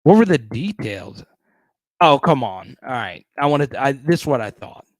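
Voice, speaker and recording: A man's voice: medium pitch, big pitch swings, unhurried, dry recording. A man hosting a casual live stream, chatting and reading viewer comments aloud.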